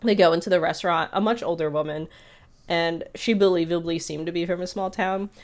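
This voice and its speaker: A woman's voice: lowish voice, a little fast. A woman co-hosting a podcast, telling a story in a rambling, casual way with lots of fillers. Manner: rambling with many fillers, animated retelling. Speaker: podcast co-host.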